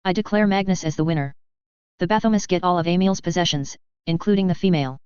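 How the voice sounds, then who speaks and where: A woman's voice: lowish voice, fast talker, a little mellow, clear, resonant tone, dry recording, lo-fi sound, lightly acted. A woman voicing an old male elder who announces things formally in an audiobook.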